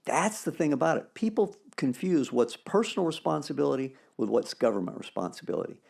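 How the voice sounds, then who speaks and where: A man co-hosting a podcast, talking about faith in an animated, emphatic way and quoting scripture. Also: a little high, a little fast, creaky, slightly rough. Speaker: podcast co-host. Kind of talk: casual faith discussion.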